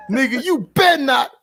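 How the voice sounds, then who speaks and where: A man, chatting casually as a podcast host, loud and laughing, acting out movie scenes in slang. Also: very high-pitched, creaky. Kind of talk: casual chat.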